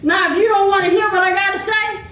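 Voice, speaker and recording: Woman, 50s, very high voice, blunt and emphatic, echoey room. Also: steady tone, fast, sharp tone, slight background noise. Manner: blunt, emphatic, laughs often. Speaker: podcast co-host. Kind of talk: casual chat.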